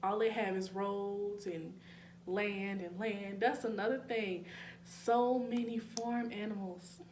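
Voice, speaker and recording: A young woman from New Orleans, Louisiana, vlogs casually in her New Orleans accent, tossing out laughing asides and calling her viewers y'all. Her medium-pitched, darkish voice is slow with fairly even intonation, and the echoey recording has a faint hum.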